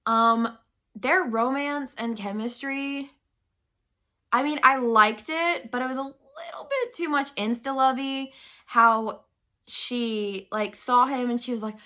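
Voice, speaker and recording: A woman's voice: a little high, expressive, measured pace, sharp tone. A young woman giving a casual book-review rant on her vlog, chatty, swearing freely and saying "like" constantly.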